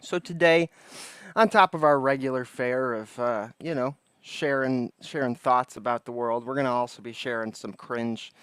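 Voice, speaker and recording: A man's voice: medium pitch, steady tone, normal speed, a bit bright, smooth, no room sound. A man hosting a casual late-night livestream, joking around and greeting chatters by name from his porch. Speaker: livestream host. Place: outdoors on a porch.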